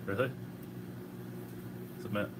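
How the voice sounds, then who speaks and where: A hungover young man hosts a casual livestream, reading chat questions aloud and answering them in a laid-back, profane way. He speaks at a measured pace over heavy background noise.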